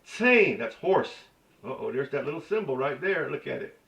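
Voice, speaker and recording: In a folksy, chatty language lesson, a male teacher repeats sounds again and again to show how they're pronounced. His intonation is lively and a little fast, with some vocal fry. The recording sounds roomy and distant, with dull low-fi quality.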